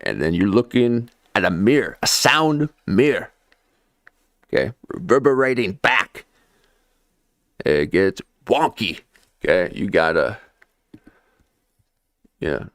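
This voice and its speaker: A man ambles through a casual livestream monologue, slow and unhurried. His low voice is gravelly with fry, yet it leaps around in pitch with playful sing-song turns. The mic is dry and close. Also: big pitch swings, a bit bright, no room sound. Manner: keeps asking "okay?", playful, sing-song jumps; laughs often. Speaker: livestream host. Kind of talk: casual rambling livestream talk.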